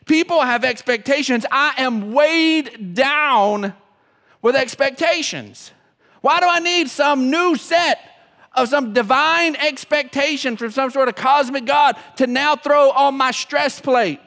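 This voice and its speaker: A man preaching a sermon as pastor, emotional, swinging from loud to hushed. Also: very high-pitched, slow. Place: church sanctuary. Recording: long reverb of a church hall.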